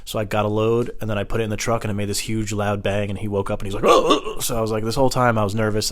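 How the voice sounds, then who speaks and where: A man hosting a comedy show, telling a casual, rambling and self-deprecating comic monologue. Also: fairly low pitch.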